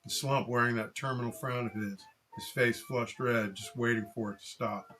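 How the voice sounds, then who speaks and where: A man reading a story aloud in steady, dry scripted narration. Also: mid-range voice, normal speed, poor audio.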